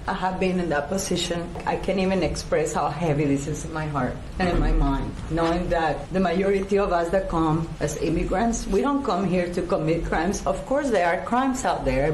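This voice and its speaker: A woman council member speaks haltingly and with emotion at a public meeting. Her voice is somewhat low. The echoey chamber carries clear background noise. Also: darkish tone.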